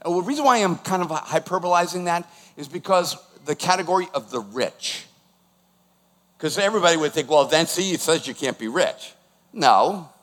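Animated pastor in his sixties, high-ish. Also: in a large hall. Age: 60s. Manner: animated, asks the congregation questions, emphatic. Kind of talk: sermon.

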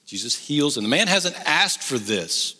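A middle-aged man with a drawl delivers a sermon, moving from pointed questions to easygoing humor. His pitch is animated and swings widely. The sound rings out in a large hall with long reverb. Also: unhurried, slightly rough. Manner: conversational, joking asides. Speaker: pastor.

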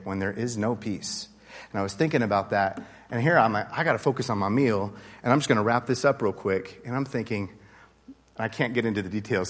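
A man's voice: lowish voice, big-room sound. Earnest man leading a Bible study. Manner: earnest, conversational, with frequent restarts and rising intensity. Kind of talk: casual Bible study teaching.

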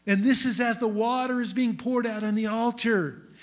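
A man's voice: extremely high pitch, steady tone, normal speed. A man preaching a sermon to a congregation in an earnest, rising and falling delivery. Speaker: messianic congregation teacher. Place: congregation hall with screen.

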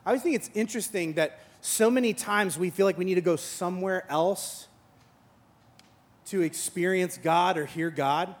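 A man with a notably high voice delivers a sermon as a pastor. He moves between humorous asides, where he acts out imagined conversations, and sincere, thoughtful teaching. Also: moderate pace. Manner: humorous storytelling with acted-out dialogue; earnest and reflective in teaching parts.

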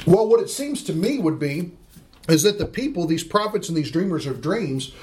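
High-voiced man teaching a Bible class. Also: lively intonation, normal speed, mellow, slight background noise. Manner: emphatic, asks the class questions. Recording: roomy room echo.

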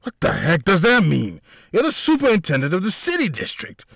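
A man voicing a furious, blustering male city official who screams shrilly and hoarsely. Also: high voice, wildly swooping pitch, moderate pace, fairly bright tone, no echo, clean studio sound, voice pushed up, exaggerated voice.

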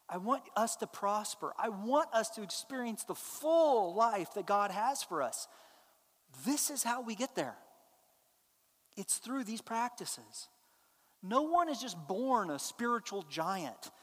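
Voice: mid-range voice, fairly bright tone. A pastor preaching a sermon to a church in an emphatic, conversational way. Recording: long hall reverb.

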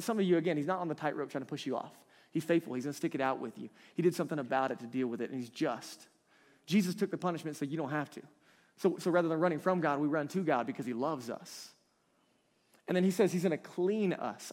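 A man in his thirties preaches in a loose, conversational way, often breaking into light laughter. His voice sits fairly high for a man. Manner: conversational, animated, laughs between points. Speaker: pastor. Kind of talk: sermon.

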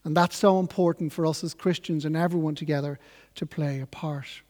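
A man preaching a sermon in an earnest, measured, reflective way. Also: a little high, steady tone, a little mellow, in a large hall.

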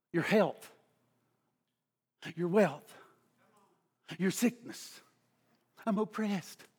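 A middle-aged man preaching a sermon as pastor, fervent and emphatic, swinging between shouting and hushed tones. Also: high voice, in a large hall.

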